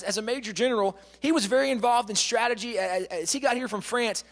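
A man giving a lively storytelling lecture, acting out quotes and often repeating words. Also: very high voice. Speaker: speaker. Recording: long hall reverb.

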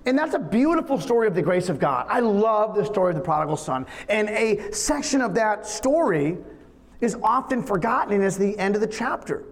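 A man's voice: sits high, big pitch swings, a little fast. A man preaching a sermon in an earnest, conversational, storytelling manner. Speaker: pastor. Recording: long reverb of a large hall.

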